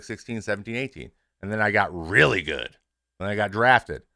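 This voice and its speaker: A man in his thirties, a former pitcher hosting his show, speaking frankly and casually to his stream audience, with swearing and many restarts. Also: fairly bright tone, no echo, clean studio sound.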